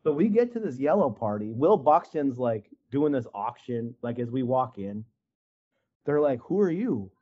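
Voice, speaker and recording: A man's voice: medium pitch, expressive, normal speed, warm tone, highs cut off. A man from Wisconsin telling stories as a guest, rambling and peppered with "like" and "you know". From Wisconsin, USA. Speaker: guest artist. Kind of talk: casual storytelling in an interview. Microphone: video call.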